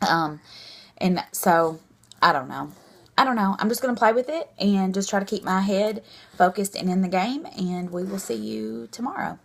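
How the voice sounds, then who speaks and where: A woman's voice: medium pitch, normal speed, gravelly. A woman in her thirties talking candidly and rambling a little in a casual diet vlog, self-deprecating and frank. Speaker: vlogger.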